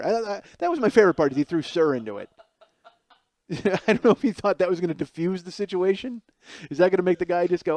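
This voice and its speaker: This podcast host in his forties speaks fast and expressively in a high, slightly mellow voice, with no room sound. His comedic storytelling monologue rambles and mocks himself, with acted-out voices in the anecdotes.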